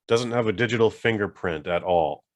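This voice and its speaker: A man co-hosting a podcast in casual chat, tossing out quick, playful replies. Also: lowish voice. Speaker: podcast co-host.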